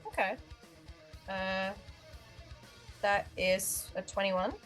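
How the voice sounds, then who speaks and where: A woman's voice: mid-range voice, drawn-out words, soft background music. A woman playing a tabletop game, chatting casually, often laughing and apologizing. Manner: giggly, apologetic, animated. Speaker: player.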